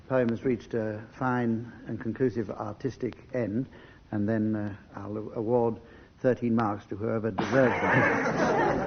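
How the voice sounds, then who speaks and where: An older man chairing a comedy panel game on radio, announcing scores and rounds in a dry, deadpan way. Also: mid-range voice, slight background noise. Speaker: quiz show chairman. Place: radio studio before an audience. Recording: dull 1980s radio recording.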